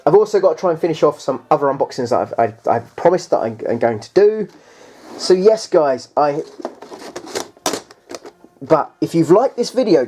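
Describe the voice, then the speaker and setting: A man's voice: fairly high pitch, very animated, moderate pace, dark tone, husky. A man chatting casually through a tabletop game unboxing. He rambles and hesitates, restarts often, and keeps addressing the viewers as guys.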